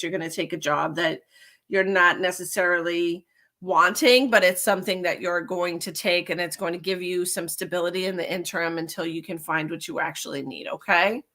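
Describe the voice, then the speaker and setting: A woman's voice: fairly low pitch, fairly bright tone. A woman giving live-stream tarot readings, chatting with viewers and calling them honey and darling. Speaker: tarot reader.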